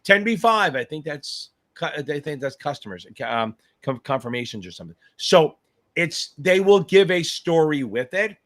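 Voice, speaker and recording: Lively, profane man hosting a live Q&A. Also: a little high, normal speed. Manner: animated, profane, hypes up viewers; scattered, thinks aloud while reading comments. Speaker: exam tutor hosting a live Q&A. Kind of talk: casual livestream chat.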